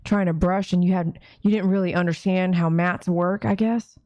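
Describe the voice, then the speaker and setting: A woman's voice: lowish voice, steady tone, normal speed, warm tone, no echo, highs cut off. A woman dog groomer hosting a casual live watch party, chatting with viewers and reading their comments aloud. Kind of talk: casual live-stream chat.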